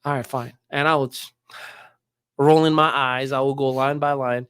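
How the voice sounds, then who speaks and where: A man from Morocco, telling school stories as a podcast guest in an animated way. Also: medium pitch, moderate pace, smooth, dry recording, studio quality. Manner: animated, acts out quoted voices. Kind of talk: casual storytelling.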